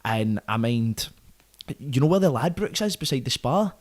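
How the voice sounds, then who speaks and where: A Scottish man in his twenties with a Glaswegian accent talks at a moderate pace in an animated, medium-pitched voice. As a podcast guest, he spins vivid, profane stories in casual chat, dropping "right?" and "mate" throughout.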